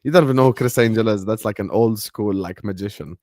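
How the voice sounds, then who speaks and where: A man's voice: on the low side, quick pace, darkish tone, dry recording, studio quality. A man hosting a football talk stream, teasing his co-host and reading out viewer comments, swearing freely.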